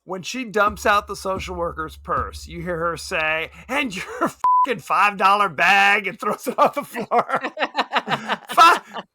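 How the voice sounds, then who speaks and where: A man's voice: high-pitched, animated, takes it slowly, background noise. A man co-hosting a podcast, chatting casually and animatedly about a movie, often laughing and acting out lines. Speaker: podcast co-host.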